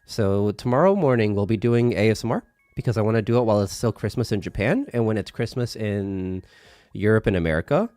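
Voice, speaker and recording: A young man chatting casually on a live stream, his voice thick from a congested nose. His pitch swings lively up and down as he laughs often and drops into halting Japanese. The sound is dry and close, with faint music underneath. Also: dry recording.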